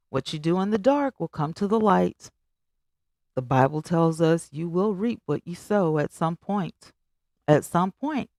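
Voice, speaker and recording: A woman's voice: no room sound, studio quality. A woman hosting a live stream, chatting casually and emphatically with her viewers and reading their comments aloud. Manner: animated, emphatic, swings high on exclamations; chatty, talks straight to viewers.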